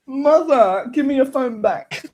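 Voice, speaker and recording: Man putting on a whiny high-pitched grown son. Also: expressive, unhurried, noisy background. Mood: pleading. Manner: high, whimpering and pleading. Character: whiny grown son pleading with his mother.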